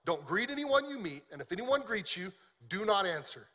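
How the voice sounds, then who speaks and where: An urgent old-world prophet giving hurried orders, as a male preacher reads him out. The voice sits fairly high and rings bright and forceful, pressing each question. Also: very animated, exaggerated voice.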